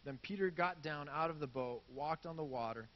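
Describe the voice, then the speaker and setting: A man's voice: a little high, normal speed, muffled recording, slight background noise. A man preaching a sermon in a casual, conversational way, reading scripture and acting out the crowd's reactions. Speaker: pastor.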